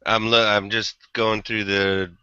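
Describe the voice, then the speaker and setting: A man's voice: on the low side, level tone, a little slow, sharp tone, clean tone, no echo, dull audio. A man hosting a casual online chat show, easygoing and jokey. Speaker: host.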